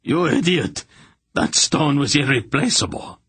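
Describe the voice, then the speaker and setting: A man's voice: a little high, lively intonation, unhurried, a bit bright, breathy edge, no echo, pitched above the performer's own voice, heavily acted. A man voicing a wailing, terrified old hierarch. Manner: wailing, begging, stammering. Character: terrified bald old male hierarch, pleading.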